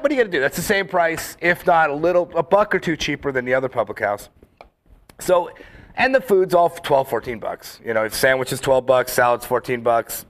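A man in casual chat, telling rambling, animated stories full of fillers and acting out quoted lines. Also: a little high. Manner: acts out quoted lines in the story.

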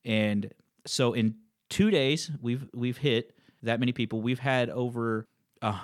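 In a studio-quality, dry recording, a man appearing as a land investor guest talks casually about his land-buying business. His mid-range voice keeps a measured pace, and he reenacts phone calls while telling each story.

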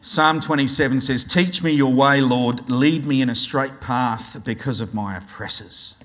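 A man preaching a sermon in an easy conversational way, slowing down to stress key words from scripture. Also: mid-range voice, a bit bright.

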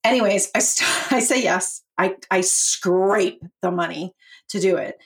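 A middle-aged woman telling her life story as a podcast guest, animated and laughing often as she acts out what she and others said. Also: medium pitch, measured pace. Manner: animated, laughs often, quotes herself in voices.

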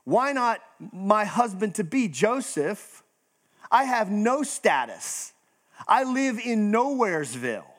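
A humble young village woman, put on by a male preacher during a sermon, pleading in bewildered questions. The voice sits a little higher than the preacher's own. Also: big pitch swings, slow pace, a bit bright, exaggerated voice.

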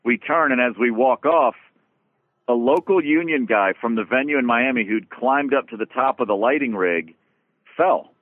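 A man telling a long backstage story in casual conversation, halting with restarts and swearing as he talks. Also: mid-range voice, no echo. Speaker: guest musician. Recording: dry tinny phone-like sound.

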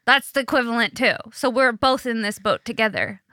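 A woman's voice: a little high, fairly quick, pushed and bright, no echo, clean studio sound. A woman co-hosting a comedy podcast, teasing and laughing often in casual chat. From Irish heritage. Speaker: podcast co-host. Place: comedy club.

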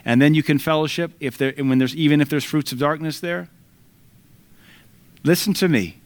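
A man's voice: fairly high pitch, steady tone, moderate pace. A middle-aged man preaching a sermon, emphatic and quoting scripture, now and then mimicking voices for effect.

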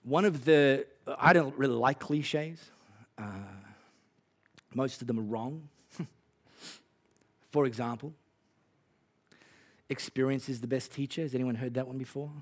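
A man's voice: mid-range voice, a little slow, long pauses. A man with an Australian accent preaching a sermon in a conversational, punchy way with wry humor. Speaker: pastor.

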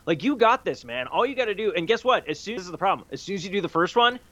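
Loud, bright-voiced man giving a pep talk. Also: high voice, lively intonation, fast, no echo, dull audio. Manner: emphatic, profane pep-talking. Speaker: podcast co-host. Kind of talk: casual podcast chat.

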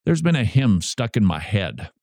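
A male Christian radio host with a lively, swinging delivery who fires off emphatic rhetorical questions. He slips in wry asides between his points. His voice sits close and dry on the mic. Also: on the low side, normal speed, creaky, dry recording. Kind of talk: preaching talk show segment.

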